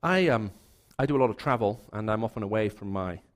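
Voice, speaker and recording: A man's voice: fairly low pitch, expressive, quick pace. Man preaching a chatty sermon. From raised in the Middle East. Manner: conversational storytelling with frequent restarts.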